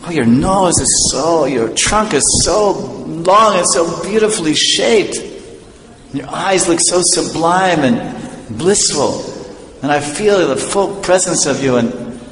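A man's voice: a little high, expressive, normal speed, fairly bright tone, slight background noise. A man voicing a male devotee who pleads and exclaims, recorded in an echoey hall with long reverb. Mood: rapturous.

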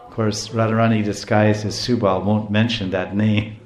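A man's voice: on the low side, normal speed. Male preacher, storytelling lecture, laughs often, explains words, roomy echo. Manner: animated, chuckling, explains terms.

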